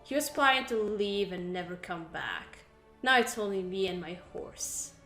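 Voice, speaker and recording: A woman's voice: medium pitch, animated, normal speed, sharp tone, reverberant, faint music behind. A woman reading a heartbroken, jilted lover. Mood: wistful. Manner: wistful, mournful.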